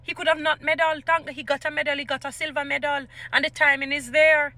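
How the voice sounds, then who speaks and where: A Jamaican woman vlogger with a high, bright voice speaks her opinions with passion. She slips into patois and restarts her sentences often, piling on point after point. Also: fairly quick, few pauses. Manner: impassioned, mixes patois into English, many restarts. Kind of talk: opinion commentary vlog.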